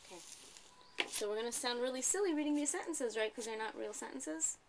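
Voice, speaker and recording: A woman tutoring a child one-on-one, patient and coaxing, often checking in with a quick "right?". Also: a little high, background noise. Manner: patient, coaxing, ends points with tag questions.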